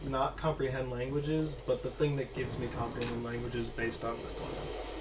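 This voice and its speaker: Tabletop player, casual, thinking aloud, middle pitch, noisy stream audio. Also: little pitch movement, moderate pace.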